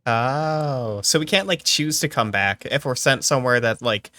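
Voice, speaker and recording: Joking guy player, bright voice, bounces around a lot. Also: mid-range voice, lively intonation. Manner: wry, joking, quick questions. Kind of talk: playing a tabletop game.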